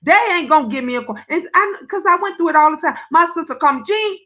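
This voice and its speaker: Woman host, high pitch, bright voice, blunt, profane, emphatic live-stream talk. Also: lively intonation, fast, rough recording.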